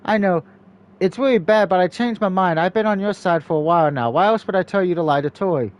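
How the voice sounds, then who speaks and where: A man's voice: high-pitched, quick pace, close to an everyday voice. A man reading a game aloud, voicing a young woman assassin who pleads earnestly. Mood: pleading.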